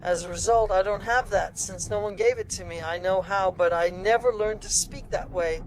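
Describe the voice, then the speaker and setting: A woman's voice: medium pitch, moderate pace, a little mellow, faint music behind, low-quality recording. A woman, an automotive TV journalist, chatting casually from inside a car and explaining things with many asides. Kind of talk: casual conversation.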